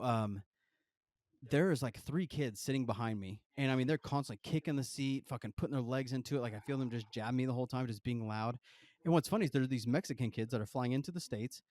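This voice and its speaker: Fast-talking man telling a rambling story. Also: medium pitch, darkish tone. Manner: rambling, profane, lots of fillers. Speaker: podcast co-host. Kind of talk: casual storytelling.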